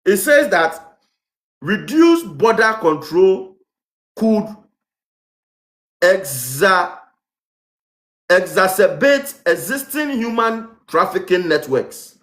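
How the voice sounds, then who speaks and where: A man with a Ghanaian English accent delivers an impassioned commentary, firing off repeated rhetorical questions. His voice sits a little high for a man. The room around him is noticeably echoey. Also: sing-song, slow pace, pauses often, a bit bright. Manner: heated, repetitive rhetorical questions. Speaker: vlogger.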